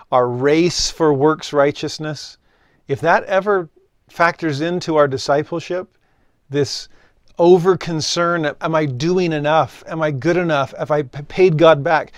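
A man's voice: a little high, no room sound. A man giving an earnest scripture lesson, explaining a point and acting out short exchanges with God. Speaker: religious teacher.

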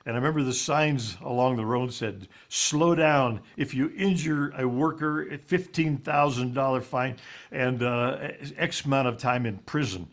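A man's voice: mid-range voice, normal speed. A man telling a heartfelt story as a guest on a talk show, earnest and folksy, with plenty of "uh"s. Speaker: guest speaker.

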